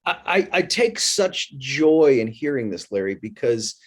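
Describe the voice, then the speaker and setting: A man's voice: medium pitch, very animated, measured pace. A man hosting an interview, enthusiastic and effusive, stumbling over his words with praise. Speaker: interview host. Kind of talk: interview host chat.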